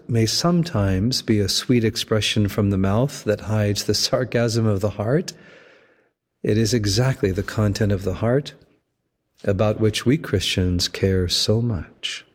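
A man delivering a sermon as a pastor, slow and measured with deliberate emphasis. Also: on the low side, in a large hall.

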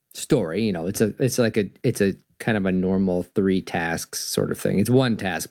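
A man hosting a storytelling lecture, reading a story aloud and musing on its meaning with frequent restarts. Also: on the low side. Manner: animated, musing, full of restarts. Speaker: host.

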